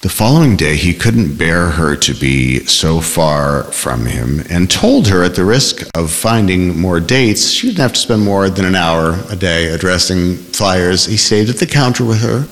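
A man reading a novel aloud in measured, expressive scripted narration, also speaking the shy bookseller's lines. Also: sits low, in a large hall. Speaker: audiobook narrator.

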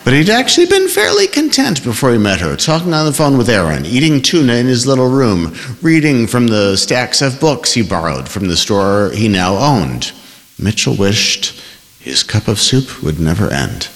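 A man reading a novel aloud in measured, expressive scripted narration, also speaking the shy bookseller's lines. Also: mid-range voice, long reverb tail. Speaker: audiobook narrator.

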